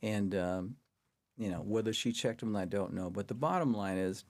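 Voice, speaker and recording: A man's voice: lowish voice, normal speed, darkish tone. An older man, a podcast guest, telling a long anecdote in casual chat, chuckling as he goes and acting out other people's lines in a raised voice. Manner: chuckles through his anecdote; acts out quoted people in a raised voice. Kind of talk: casual storytelling.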